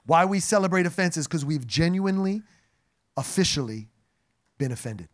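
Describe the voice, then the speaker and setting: A man preaching a sermon to a congregation, animated and joking as he speaks to them directly. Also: fairly high pitch. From New Jersey. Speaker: pastor. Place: church sanctuary.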